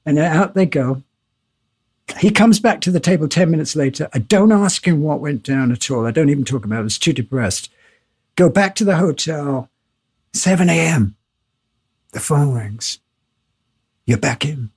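A husky, slightly high-voiced older man tells stories as an interview guest. He is animated and swears freely, breaking into laughs as he goes. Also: normal speed. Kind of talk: casual interview storytelling.

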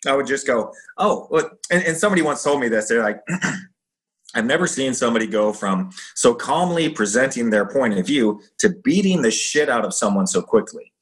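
A man's voice: mid-range voice, moderate pace. A middle-aged man, a former fighter, telling stories casually and acting out the voices of the people in them. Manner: animated storyteller acting out quoted voices. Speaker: guest, former pro fighter. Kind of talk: casual storytelling.

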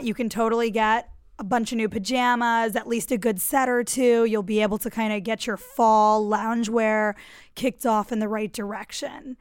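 A young woman hosting a podcast, chatting bubbly and fast with lots of asides. Her voice sits fairly high and comes through smooth and clear, recorded dry and close. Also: no echo. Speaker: podcast host. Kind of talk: casual chat.

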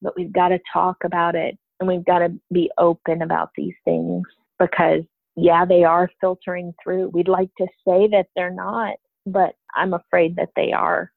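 A woman's voice: on the low side, level tone, moderate pace, gravelly, no echo. A middle-aged woman talking earnestly and from the heart about faith, sharing her own experience as a guest. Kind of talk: faith-based conversation. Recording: tinny phone-like line, dry.

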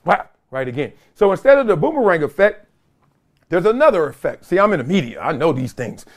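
Animated man hosting a sports talk show. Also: sits high, brisk. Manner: animated, acts out other voices in quoted bits. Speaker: show host. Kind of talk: casual sports commentary monologue.

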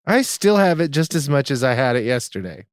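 A man's voice: medium pitch, very animated, fairly quick, no echo. A young man co-hosting a casual podcast, teasing his co-host with dry jokes and casual swearing. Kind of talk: casual chat.

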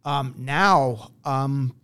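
A man's voice: medium pitch, drawn-out words, pushed and bright, clean tone. Earnest man explaining with stories. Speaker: program founder. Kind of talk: conversational interview.

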